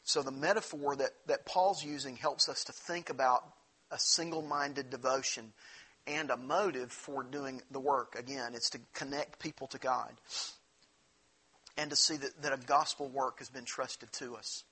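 A man's voice: mid-range voice, fairly even intonation, normal speed, bright, forceful tone, breathy edge. A man preaching a sermon in an earnest, conversational way, often restarting his phrases. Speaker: pastor.

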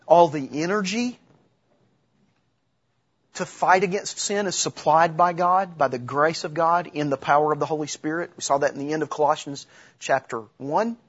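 Middle-aged male preacher, husky and slightly high, chatty sermon delivery with rhetorical questions. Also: lo-fi sound. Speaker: pastor.

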